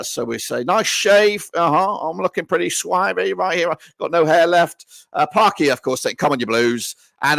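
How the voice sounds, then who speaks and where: A man hosts a live fan stream, chatting casually and reading comments in an upbeat way. His voice sits a little high, and the sound is close and dry, with no room echo. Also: vocal fry, fairly bright tone. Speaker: fan channel host.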